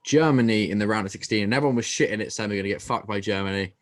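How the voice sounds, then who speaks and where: A man with a fairly low voice, co-hosting a casual football podcast. He teases his friend and swears freely as he talks through the matches. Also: very fast. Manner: swears freely, teasing banter. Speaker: podcast co-host.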